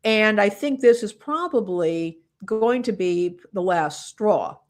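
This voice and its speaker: A woman's voice: mid-range voice, lively intonation, slow pace, a little mellow. A woman from the United States speaks in a mid-range voice as a podcast co-host. Her delivery is casual and earnest, impassioned about her point, and full of restarts as she works through her thoughts aloud. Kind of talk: casual political commentary.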